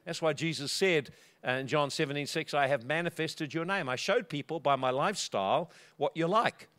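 Man, preacher, sermon, slightly high voice, animated storytelling. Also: normal speed. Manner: storytelling, acting out quotes with big swings of pitch and loudness.

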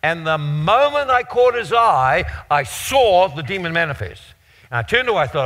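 An older man preaching, telling a personal story in an animated, rambling way. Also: on the high side, normal speed. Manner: animated anecdotal storytelling with restarts. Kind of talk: storytelling sermon.

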